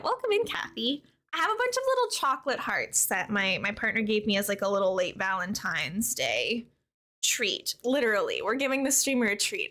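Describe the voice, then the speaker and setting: A young woman with a high, bright voice chats casually on a live stream. Her pitch swings widely as she greets viewers by name. She sounds giggly and animated.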